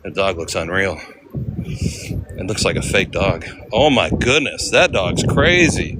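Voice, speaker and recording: Strolling through the city, a US travel vlogger talks to his audience in a loose, wandering way, hopping between ideas. He has a low voice and is very animated but speaks slowly, and background noise is audible.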